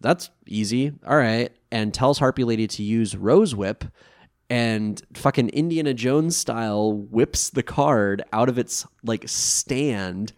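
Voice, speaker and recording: A man's voice: mid-range voice, slow pace, dry recording, studio quality. A man co-hosting a podcast, recapping an episode in casual chat, swearing and acting out quotes. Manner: animated, swearing, acts out quotes. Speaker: podcast co-host.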